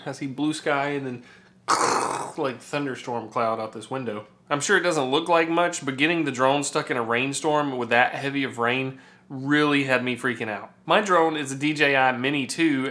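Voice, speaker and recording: A man narrating a casual travel vlog, chatty and animated as he retells his mishaps. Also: medium pitch. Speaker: vlogger. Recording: music playing clearly underneath.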